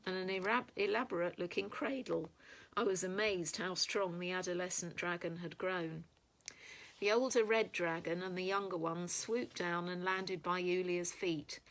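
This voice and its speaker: A woman reading a children's storybook aloud with steady, clear storytelling. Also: lowish voice. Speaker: storybook reader.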